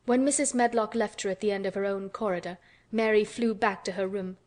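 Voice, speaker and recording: A woman's medium-pitched voice carries a calm, measured audiobook narration. She reads from a script.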